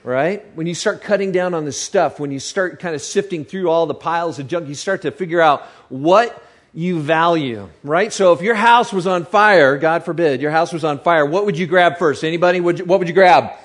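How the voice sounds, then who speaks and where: A high-voiced man delivers a casual sermon. He jokes and keeps throwing questions out to the listeners in front of him. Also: normal speed. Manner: chatty, joking, asks the crowd questions. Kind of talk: sermon to a live audience.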